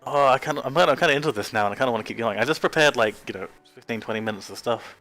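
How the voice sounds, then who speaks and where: A man's voice: mid-range voice, rapid-fire, fairly bright tone, soft background music. A young Australian man with an Australian accent, chatting casually and rambling with self-amused asides as a streamer.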